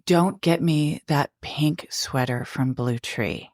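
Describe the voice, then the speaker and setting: A New woman in her fifties co-hosting a podcast in casual chat, animated and quick to laugh. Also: low voice, no echo, clean studio sound. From New York City. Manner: animated, laughs often, squeals with delight. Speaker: podcast co-host.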